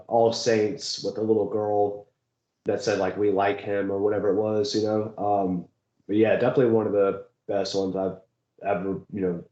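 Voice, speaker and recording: A man's voice: fairly low pitch, warm tone. A man co-hosting a casual chat about ghost hunting, rambling and laughing often. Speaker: podcast co-host. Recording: echoey room, dull lo-fi sound.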